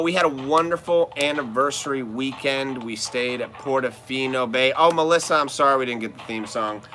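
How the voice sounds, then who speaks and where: A man's voice: medium pitch, pushed and bright. A man co-hosting a casual live show with his wife, chatty and upbeat, greeting viewers by name. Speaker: co-host of a couple's live show. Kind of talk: casual live-stream chat.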